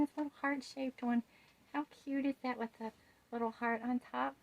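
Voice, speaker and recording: Gushing woman with a gravelly edge. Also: fairly high pitch, brisk, lo-fi sound. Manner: gushing and soft-spoken, often dropping to a hush. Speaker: home decor vlogger. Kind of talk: casual shopping haul chat.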